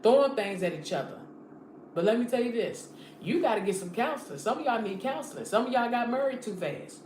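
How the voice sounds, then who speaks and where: A woman preaches a motivational sermon on a live stream, speaking a little fast in a fairly high, animated voice with a darkish tone. As an online preacher she is fervent and repetitive, addressing her viewers directly. The echoey room gives a roomy sound, with a faint hiss and background noise.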